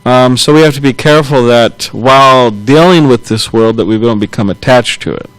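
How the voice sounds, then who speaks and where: A man's voice: mid-range voice, fairly bright tone, dry recording, rough recording. Man telling a scripture story, chuckling. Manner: loose, halting retelling with chuckles and self-corrections. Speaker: temple class speaker.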